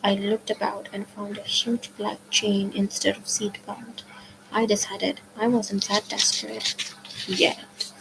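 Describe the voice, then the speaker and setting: A woman reading a novel aloud, softly and often half-whispered. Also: mid-range voice, flat delivery, slow pace, vocal fry, background noise. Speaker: book reader.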